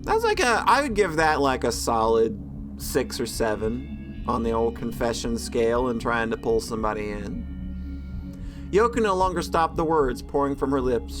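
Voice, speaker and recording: A man reads a visual novel's story text aloud in a lively, swooping voice, breaking in with sarcastic jokes. Game music plays faintly behind him. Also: medium pitch. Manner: sarcastic, joking asides. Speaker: let's play host.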